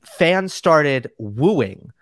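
A man's voice: on the high side, expressive, extremely slow, no echo, studio quality. A man appearing as a guest tennis analyst in a casual chat, easygoing and searching for words as he talks. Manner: easygoing, hesitant with fillers and restarts.

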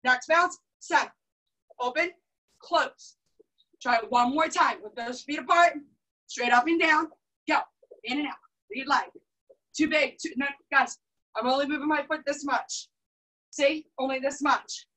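Karate instructor, young woman, high bright voice, brisk commanding drill cues over a video call. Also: far from the mic, poor audio.

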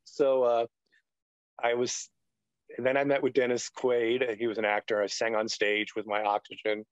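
A man's voice: medium pitch, completely flat delivery, normal speed, clear, resonant tone, dry recording. Earnest middle-aged pastor telling his story. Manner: earnest, rambling storyteller full of "you know". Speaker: retired pastor, interview guest. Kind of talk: personal testimony in a podcast interview. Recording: dull, dry lo-fi sound.

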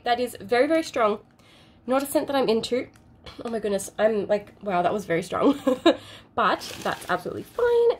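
A woman's voice: a little high, a little mellow, slight background noise. A woman with an Australian accent, gushing and exclaiming as she unboxes products for her channel. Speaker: unboxing vlogger. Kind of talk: excited unboxing chat.

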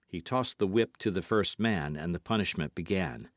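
A man narrating an audiobook with lively, dramatic storytelling. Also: low voice, moderate pace, few pauses, no echo, studio quality. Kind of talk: scripted narration.

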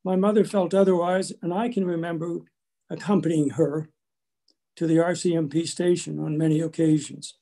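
An older man from Canada giving a prepared lecture, telling family stories in a measured way with small restarts. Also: a little high, fairly even intonation, mellow. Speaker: guest lecturer.

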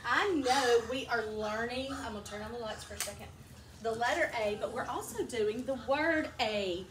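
Casting: kindergarten teacher, patient, fairly high voice, roomy echo. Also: female voice, normal speed, fairly bright tone, a little hiss or hum. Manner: patient, explains with examples. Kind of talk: classroom teaching. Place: echoey classroom. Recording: echoey classroom.

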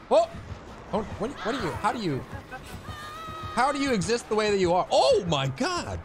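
Excitable high-voiced man commentating a game. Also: moderate pace, long pauses, over music. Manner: excitable, swinging from mutters to shouts; banters with the opponent, teasing. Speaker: gameplay commentator. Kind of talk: live gameplay commentary.

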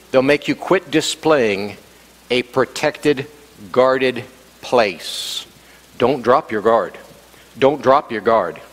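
A man preaching a sermon as pastor, animated and acting out the quoted voices. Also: mid-range voice. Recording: long hall reverb.

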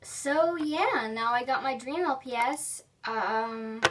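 A young woman with a high, bright voice gushes her way through a casual unboxing vlog, giggling and rambling with plenty of "like"s. She sits a little away from the camera mic, and a faint hiss runs underneath. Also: takes it slowly, far from the mic. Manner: gushing, giggly, rambling with many "like"s. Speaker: toy unboxing vlogger.

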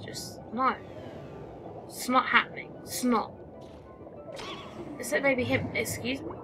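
A woman's voice: sits high, slow pace. Chatty woman narrating gameplay. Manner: chatty, talks to the game creatures, exclaims and mutters. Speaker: gameplay commentator. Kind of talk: casual let's-play commentary. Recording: music playing behind the voice.

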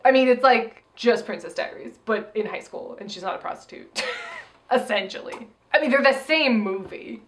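Bubbly, higher-voiced woman co-host. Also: normal speed, fairly bright tone, slight background noise. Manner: chatty, giggly, playful asides. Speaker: podcast co-host. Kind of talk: casual movie review chat.

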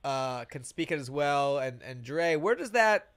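Man, podcast co-host, lively pitch swings, slightly high voice, joking, casual studio chat. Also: a little slow, clear, resonant tone. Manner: lively, joking, talks in bursts.

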